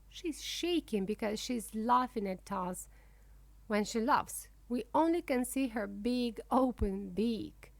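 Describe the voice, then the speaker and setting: A woman reading a children's storybook aloud in a slow, clear way for young English learners. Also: on the high side, dry recording. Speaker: narrator. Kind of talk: children's book read-aloud.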